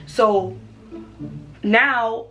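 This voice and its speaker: A woman's voice: on the high side, very slow, sharp tone, soft background music. Slangy New woman telling a story. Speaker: vlogger. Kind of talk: storytime vlog.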